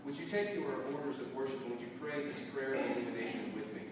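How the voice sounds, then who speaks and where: Pastor preaching in an echoing church hall. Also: male voice, medium pitch, very noisy. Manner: slow, deliberate reading with soft falling endings. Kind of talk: sermon with scripture reading. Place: church sanctuary. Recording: roomy church hall from far off.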